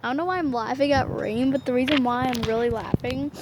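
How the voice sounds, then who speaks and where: A woman's voice: sits high, fast. A young woman chatting casually to her phone camera outdoors, rambling and laughing often as she vlogs from outside in the rain. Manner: giggly, rambling, frequently laughing. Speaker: vlogger. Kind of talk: casual vlog chat. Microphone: phone camera held by hand. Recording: loud rain and outdoor noise.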